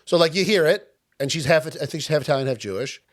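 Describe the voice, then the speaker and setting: A man's voice: fairly high pitch, quick pace. A young man from Long Island, co-hosting a casual podcast and chatting with lots of fillers. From Long Island, New York. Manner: animated, chatty, with many fillers. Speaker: podcast co-host. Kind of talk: casual chat.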